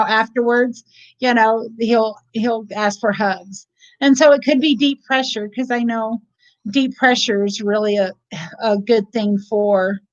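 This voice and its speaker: A woman whose voice sits a bit high for her sex talks as a parent guest in easy, casual chat. She rambles, restarting sentences and leaning on "you know" again and again. The audio comes through muffled and lo-fi.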